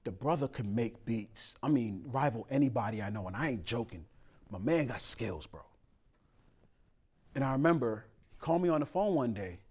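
A man preaching a sermon as pastor, conversational with street slang and sudden loud emphatic rises. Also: mid-range voice, lively intonation, moderate pace, breathy edge.

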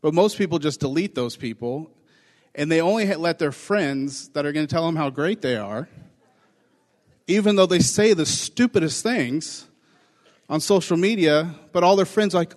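A middle-aged man as pastor, preaching a conversational sermon and acting out quotes in lively voices. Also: fairly high pitch, moderate pace, in a large hall.

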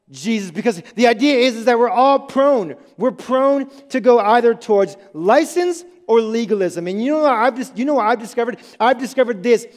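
High-voiced man preaching in a church hall. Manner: emphatic, repeats key phrases, checks in with "okay?". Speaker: pastor. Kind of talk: sermon. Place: church sanctuary. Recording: long reverb in a church hall with music.

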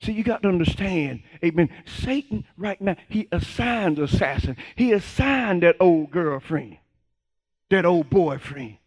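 Husky-voiced preacher man, high and fervent. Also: animated, unhurried. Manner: call-and-response preaching, rising to shouts. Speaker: pastor. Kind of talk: sermon.

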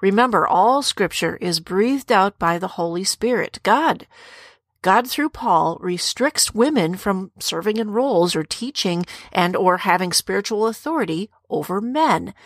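A woman's voice: medium pitch, animated, unhurried, dry recording. Earnest woman teaching scripture, dry sound. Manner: earnest, direct address to women listeners, rhetorical questions. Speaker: podcast co-host teaching on scripture. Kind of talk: scripted Bible teaching podcast.

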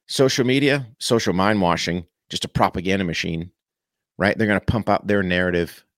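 A man delivering an impassioned, preachy monologue straight to his viewers, punching key words with sudden pitch jumps and dropping into casual slang. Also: a little fast, a bit bright, no echo, clean studio sound. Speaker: political commentator addressing viewers. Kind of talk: impassioned direct-to-camera monologue.

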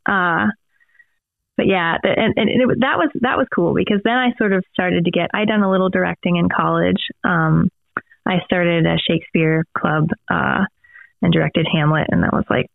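A woman's voice: on the low side, steady tone, normal speed, creaky, no echo. A woman guest on a podcast, talking casually and rambling through tangents with lots of fillers. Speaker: podcast guest, audio theater director. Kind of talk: casual interview chat. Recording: phone-like dry remote line.

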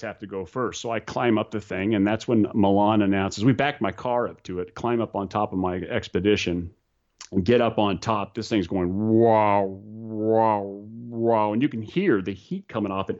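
A man casually telling skydiving stories, animated and swearing, often restarting and mimicking other people. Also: on the low side, dull audio. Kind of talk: casual storytelling.

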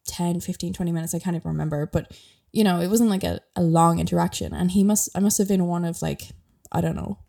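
A young Irish woman chats her way through a casual podcast, wandering off on tangents and filling gaps with ums and likes. Her voice sits a little low, with a gravelly edge and a mellow, dark tone. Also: fairly even intonation, fast, hardly any pauses. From Ireland. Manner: chatty, rambling, lots of fillers. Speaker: podcast host. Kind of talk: casual chat.

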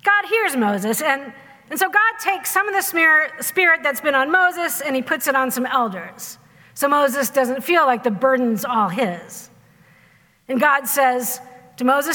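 Bright high-voiced woman preaching wryly. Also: unhurried, big-room sound. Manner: conversational, wry storytelling with lively voiced quotes. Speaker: pastor. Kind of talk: sermon. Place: church sanctuary.

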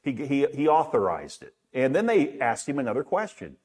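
A man's voice: mid-range voice, wildly swooping pitch, normal speed, darkish tone. A middle-aged man preaching a sermon in a conversational way, asking rhetorical questions and often repeating words. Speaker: pastor.

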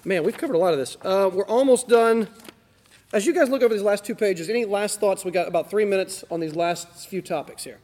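Fast, high-voiced man teaching a church class. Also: a little mellow. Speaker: class leader. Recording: reverberant hall.

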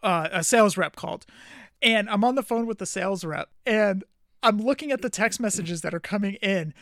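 Casting: male podcast co-host, animated laughing storyteller, dry close sound. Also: sits high, moderate pace, no echo. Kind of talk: casual chat, reading out text messages.

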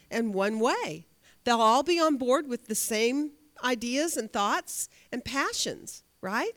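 Casting note: woman with a higher voice, Bible teacher quizzing her class and reading scripture. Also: a bit bright. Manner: asks the class questions, reads scripture aloud. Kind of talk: Bible study lesson.

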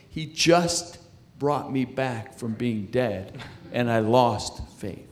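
A man in middle age, speaking at medium pitch with a darkish tone, gives a personal testimony of faith in conversation. He keeps stumbling, repeating himself and restarting while he tells it.

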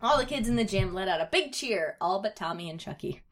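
Lively woman reading aloud, laughing. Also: a little fast. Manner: reads baby characters in put-on high voices, laughs often. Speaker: podcast host reading fan fiction aloud. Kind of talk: comedic dramatic reading.

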